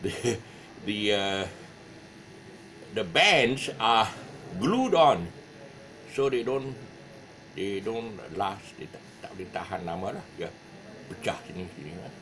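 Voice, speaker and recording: A man's voice: on the low side, very animated, slow pace, a bit bright, a little hiss or hum, rough recording. A man with a Malaysian English accent, teaching guitar in a casual, rambling way with many fillers and restarts. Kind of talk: casual video lesson talk. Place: his music shop.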